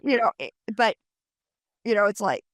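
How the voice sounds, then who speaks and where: Animated storytelling middle-aged woman. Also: mid-range voice, normal speed, no echo, studio quality. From Colorado. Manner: animated, acts out quotes, many fillers. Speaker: paranormal investigator guest. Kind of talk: casual storytelling interview.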